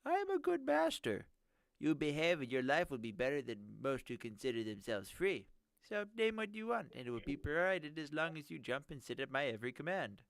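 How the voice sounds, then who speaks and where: A man's voice: a little high, sing-song, brisk, creaky, no echo, voice pushed up. A man voicing a smug, nerdy male captor who collects monsters, mocking and condescending, in an audiobook reading.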